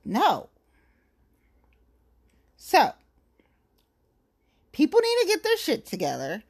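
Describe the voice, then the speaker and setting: A woman's voice: high-pitched, wildly swooping pitch, drawn-out words, long pauses. Fired-up woman in a profane rant. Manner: blunt, profane, heated, emphatic. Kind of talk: angry venting rant to camera.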